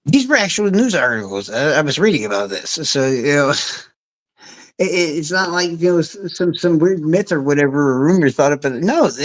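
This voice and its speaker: A man's voice: on the high side, big pitch swings, fairly quick, rough recording. Rambling, cursing man getting worked up. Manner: rambling, profane, gets worked up. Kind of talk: casual livestream chat.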